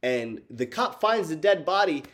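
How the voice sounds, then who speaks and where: A man in casual chat with his viewers, animated and profane, laughing often and calling them y'all. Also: a little high, measured pace. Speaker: streamer talking to chat.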